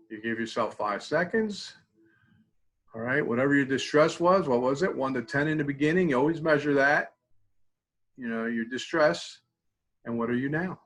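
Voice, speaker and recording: Man calmly guiding a tapping exercise. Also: medium pitch, normal speed, low-quality recording. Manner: conversational, repeats phrases while demonstrating, drops to quiet murmurs. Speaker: mindfulness instructor.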